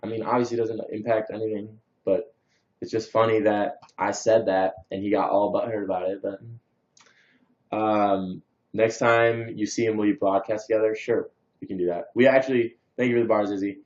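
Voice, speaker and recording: A young livestream host casually rambles through a story with lots of fillers, reading out viewer comments, answering them and thanking them. His voice sits on the low side, darkish and fairly even, at normal speed, over dull lo-fi stream audio.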